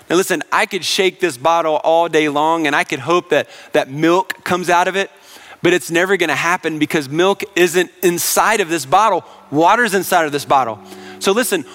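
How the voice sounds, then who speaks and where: A man's voice: fairly high pitch, fairly bright tone. A man preaching a sermon as pastor, earnest, with rhetorical questions and repeated calls to listen.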